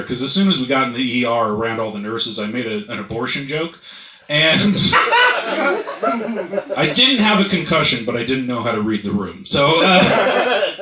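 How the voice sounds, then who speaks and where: A man's voice: mid-range voice, pushed and bright, reverberant, low-quality recording. A man doing stand-up, telling a rambling, profane story and laughing at his own jokes. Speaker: stand-up comedian.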